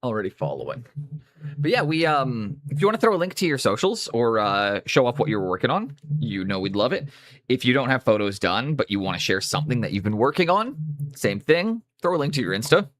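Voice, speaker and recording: A Canadian man at a desk microphone chats easily to his live audience. His voice sits at an ordinary middle pitch. He wanders through his thoughts, breaking off and restarting his sentences. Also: sing-song, brisk, a bit bright, no room sound, studio quality. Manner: rambling, self-correcting, easygoing. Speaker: streamer painting miniatures. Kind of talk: casual live-stream chat.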